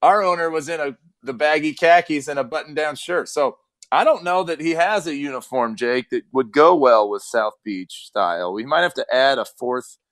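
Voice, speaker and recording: A man's voice: fairly high pitch, moderate pace, a bit bright, no echo. A man in his thirties co-hosting a casual sports podcast, joking and sarcastic as he chats. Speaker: podcast co-host, former player.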